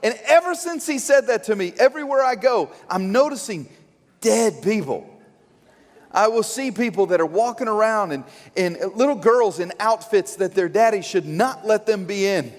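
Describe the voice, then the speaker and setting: A man preaching a sermon as pastor, an animated, joking storyteller who acts out quotes. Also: sits high, normal speed. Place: church sanctuary. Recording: long church hall reverb.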